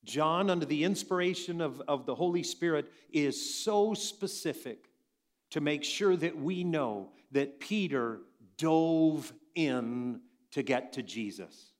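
A man preaching a sermon, swinging between loud emphatic passages and quiet hushed lines. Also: fairly high pitch, takes it slowly. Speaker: pastor.

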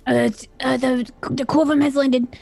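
A woman's voice: high voice, level tone, gravelly, darkish tone, faint music behind, voice pushed up. Woman doing a nervous young rogue. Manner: halting, nervous, whispery. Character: jittery young male rogue.

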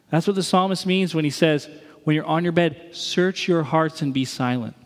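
Guy pastor preaching, animated, does little voices for folks, pretty high pitched. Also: brisk, in a large hall. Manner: animated, acts out inner voices. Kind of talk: sermon.

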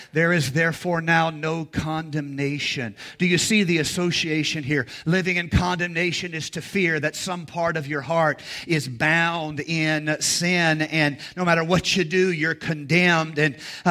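A man preaching a sermon in a church, leading the congregation in call-and-response and rising to loud, emphatic peaks. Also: a little high, fairly even intonation, a little slow, few pauses. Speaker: pastor. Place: church sanctuary. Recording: music playing behind.

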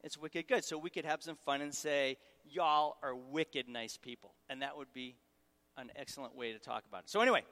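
A middle-aged man delivers a sermon as a guest preacher, teasing the crowd and drawing it in with questions. His voice sits a little high and rings bright and forceful. A long reverb from a large hall trails after every phrase. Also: lively intonation, quick pace. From Syracuse, New York. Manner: humorous, engaging the audience.

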